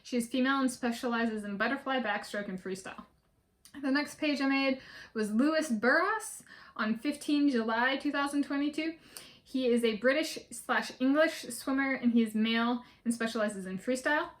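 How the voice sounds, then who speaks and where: A woman's voice: high-pitched, normal speed. A woman vlogger talking casually and methodically through a list, with many fillers and restarts. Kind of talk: casual spoken list walkthrough.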